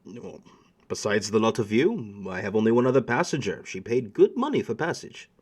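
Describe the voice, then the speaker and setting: A man's voice: lowish voice, sing-song, normal speed, darkish tone. A man narrating as game master for a tabletop role-playing game, reading prepared scene text and then improvising with frequent fillers.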